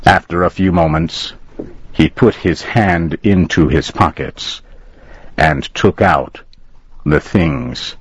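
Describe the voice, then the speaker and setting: A man narrating a story in slow, plain, carefully spoken language for learners. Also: low-pitched, breathy edge, no echo.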